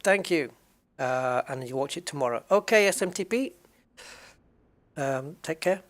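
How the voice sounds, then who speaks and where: Tired English streamer, a man with a fairly high voice, chatting loosely with his viewers. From England. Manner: chatty, greets viewers by name, self-mocking. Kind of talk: casual game livestream chat.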